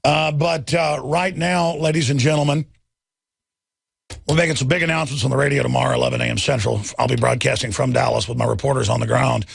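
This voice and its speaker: A male radio host ranting angrily and emphatically, sometimes shouting, with a gravelly voice. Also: medium pitch, fairly even intonation, fast talker. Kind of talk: talk radio rant.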